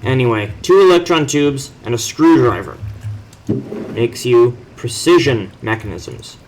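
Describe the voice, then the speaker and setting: A man's voice: mid-range voice, lively intonation, a little slow, a little mellow, slight background noise. A young man casually walking through his game base, rambling, correcting himself and making dry offhand jokes. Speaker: player giving a base tour. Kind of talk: casual game walkthrough commentary.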